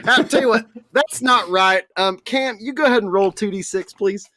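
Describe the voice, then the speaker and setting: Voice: medium pitch, moderate pace, sharp tone, dry recording. A game master narrating a tabletop game, laughing often and telling it with crude, playful humor.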